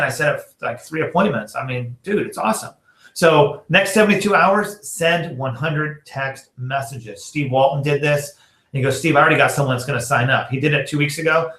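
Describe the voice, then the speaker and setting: Bright, chatty male sales trainer. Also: a little high, reverberant. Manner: chatty, acts out text exchanges, many fillers. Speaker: network marketing trainer. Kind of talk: casual training talk.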